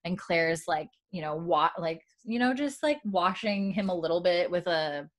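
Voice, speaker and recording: A woman with a fairly low voice talks through a TV episode in a relaxed, chatty way. She slips into soft, understated character voices as she retells scenes, then drops back to her normal tone. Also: moderate pace. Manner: retells scenes by loosely voicing characters in a softer, lower tone; laughs often, relaxed. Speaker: podcast co-host recapping a TV episode. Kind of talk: casual chat.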